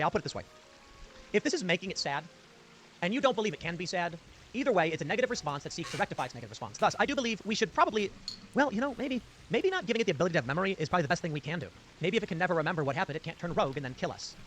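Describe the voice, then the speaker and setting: Fast-talking excitable man hosting a live stream. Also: sits high. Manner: excitable, reacts with quick exclamations and laughs. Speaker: host. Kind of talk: casual live-stream commentary, reading posts aloud. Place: home studio on a live stream.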